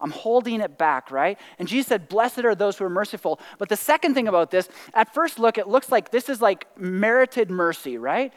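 A man preaching a sermon in a conversational way, full of "like" and "right?", now and then breaking into excited whoops. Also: sits high, normal speed, hardly any pauses, long reverb tail. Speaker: pastor.

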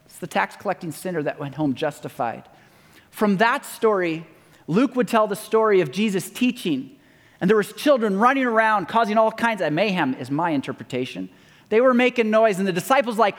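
A man with a high voice preaches a sermon, retelling stories casually and putting on quick voices for the people in them. His words ring out with a long reverb, as in a church sanctuary. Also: animated. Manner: conversational storytelling, acting out quoted voices. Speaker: pastor.

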